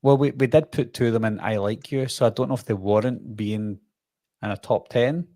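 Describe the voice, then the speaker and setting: Brief: relaxed Welsh male co-host, dry close sound, running the chat. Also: mid-range voice, normal speed, no room sound. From Wales. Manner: easygoing, reads viewer comments aloud. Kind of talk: casual podcast chat.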